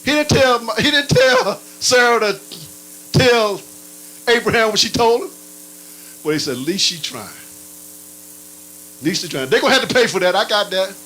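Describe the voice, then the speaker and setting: A man preaching a sermon in a playful, animated way, his pitch swinging up and down and sometimes breaking into barking sounds. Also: normal speed, pauses often, rough recording.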